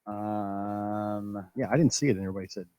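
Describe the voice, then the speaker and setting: Male radio co-host, middle pitch, relaxed chime-ins, dry studio mic. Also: brisk, clear, resonant tone, dry recording. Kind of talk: morning radio banter. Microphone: studio microphone.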